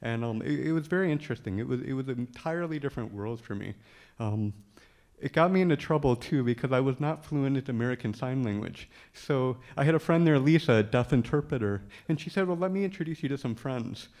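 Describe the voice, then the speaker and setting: A man's voice: medium pitch, expressive, brisk, a little mellow. A man telling a funny personal story, acting out the lines of the people in it and laughing often. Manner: humorous storyteller, acts out dialogue. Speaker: speaker telling his story. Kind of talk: storytelling talk.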